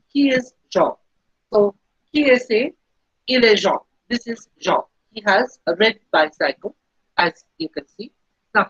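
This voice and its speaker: A woman teaching a beginner French lesson, explaining slowly and patiently and repeating each phrase. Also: medium pitch, husky, dry recording. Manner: slow, patient explaining with repetition. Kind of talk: recorded language lesson. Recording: dull lo-fi recording.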